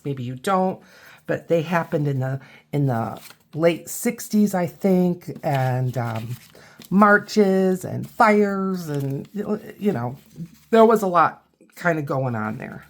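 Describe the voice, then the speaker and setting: Unhurried low-voiced older woman. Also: animated. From Ohio and Michigan, USA. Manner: chatty, rambling, self-correcting. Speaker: craft channel host. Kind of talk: casual craft tutorial chat.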